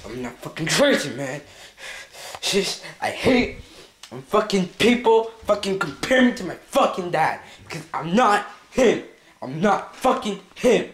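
Man doing a foul-mouthed troubled young hothead, ranting, fairly high voice, echoey room. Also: big pitch swings, a little slow, fairly bright tone, exaggerated voice. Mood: defensive. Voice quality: constant swearing, ranting and repeating himself. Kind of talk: comedy skit acting.

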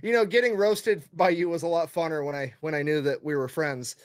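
A man's voice: on the high side, fairly even intonation, fairly quick. A man as a guest on a casual stream, teasing the host in a dry, amused way. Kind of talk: casual chat.

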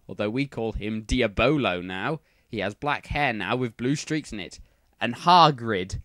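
A man reading fan fiction aloud for comedy, dropping deadpan sarcastic asides. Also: medium pitch, no room sound, clean studio sound.

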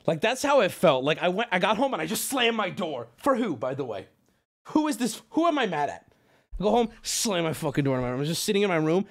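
A man livestreaming from his home setup, telling his chat a story in an animated, profane, self-mocking rant. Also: fairly high pitch, a little fast.

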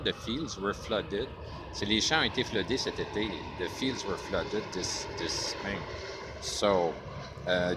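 Deep-voiced man chatting. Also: background noise. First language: French. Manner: mixes French words into English, frequent fillers. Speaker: vlogger. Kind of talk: casual explanatory talk.

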